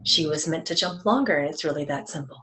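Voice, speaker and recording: Animated, lower-voiced woman psychic. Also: fast talker. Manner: animated, laughs often, drops to a hush when quoting. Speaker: psychic medium guest. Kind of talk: casual chat.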